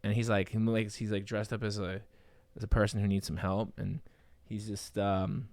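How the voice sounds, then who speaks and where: A man's voice: fairly low pitch, moderate pace, no room sound. A man co-hosting a podcast, telling rambling stories in casual chat with lots of fillers. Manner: rambling, animated storyteller with many fillers. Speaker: podcast co-host.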